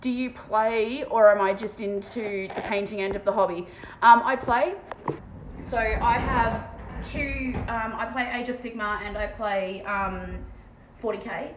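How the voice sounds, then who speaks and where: A woman with an Australian accent chatting fast and casually on a live stream as she paints terrain, swearing freely. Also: a little high. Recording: echoey room with faint background noise.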